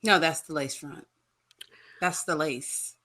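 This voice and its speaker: A woman guest chatting casually about a reality show, blunt and quick to call out lies. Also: low voice, bright, forceful tone. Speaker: guest co-host. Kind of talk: casual chat.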